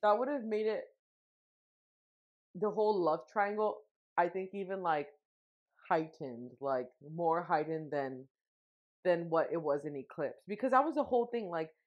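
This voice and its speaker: A woman's voice: fairly low pitch, measured pace, long pauses. A young woman co-hosting a podcast, chatting casually and rambling with lots of fillers and restarts. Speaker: podcast co-host. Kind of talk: casual chat. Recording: muffled lo-fi recording.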